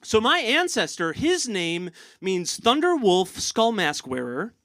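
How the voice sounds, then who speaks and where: A man performing a stand-up set on stage. He speaks haltingly with many uh fillers and dry jokes. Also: high-pitched, very animated, fairly bright tone, no echo. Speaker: stand-up comedian. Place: live comedy show on stage.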